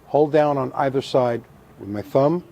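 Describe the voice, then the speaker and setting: A middle-aged man calmly demonstrating a hands-on craft step by step, methodical and repetitive with a touch of dry humor. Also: mid-range voice, measured pace, gravelly. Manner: calm, methodical, repeats instructions, dry humor. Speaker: taxidermy instructor.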